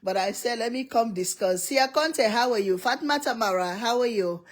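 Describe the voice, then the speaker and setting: A woman's voice: a little high, moderate pace. A middle-aged woman hosting a casual livestream from home, greeting viewers by name and laughing often. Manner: laughs often, calls out viewer names one by one.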